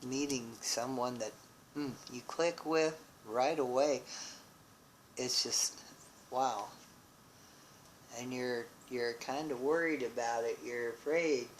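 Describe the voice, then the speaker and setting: Slow, musing tarot reader. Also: mid-range voice, slight background noise, rough recording. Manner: musing, with frequent exclamations of wonder; thinks aloud with restarts and pauses. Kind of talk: tarot card reading.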